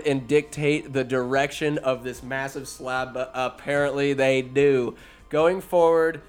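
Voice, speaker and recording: A man's voice: mid-range voice, steady tone, unhurried, smooth, faint music behind. Profane, sarcastic man recapping a film. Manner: profane, rambling, sarcastic asides. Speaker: movie recap vlogger. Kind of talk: casual comedic movie recap.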